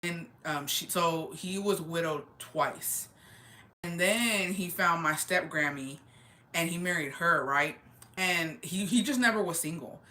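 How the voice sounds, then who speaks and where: A woman in her twenties chatting casually on a livestream, slangy and animated, dropping Spanish words into her storytelling. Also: lowish voice, unhurried. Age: 20s. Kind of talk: casual chat.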